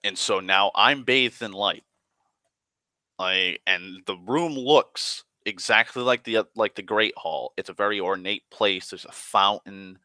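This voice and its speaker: A tabletop game player recounts a session in casual, rambling fashion, swearing freely, leaning hard on "like," and restarting often. His low voice is bright and forceful, his pace unhurried. The recording is dry and close-miked.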